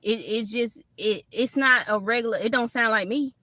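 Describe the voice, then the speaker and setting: A woman's voice: on the high side, moderate pace, sharp tone, no echo. A woman with a Southern accent that mixes Kentucky and Florida, giving a casual tarot reading and chatting with lots of laughter and swearing. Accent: Southern US, Kentucky mixed with Florida. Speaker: tarot reader.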